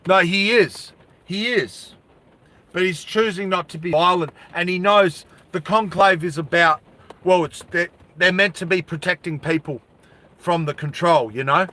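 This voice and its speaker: Brief: man telling a story in a casual vlog, unhurried and bright, high-pitched voice. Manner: animated, laughs, asides to viewers.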